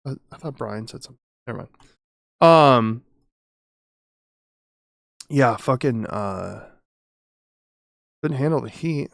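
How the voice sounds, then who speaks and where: Male streamer, casual and profane, lively delivery, dry home-studio sound. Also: mid-range voice, takes it slowly, gravelly, pauses often, no echo. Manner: rambling, swearing, chatty with viewers. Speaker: streamer and audio engineer. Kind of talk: casual live-stream chat.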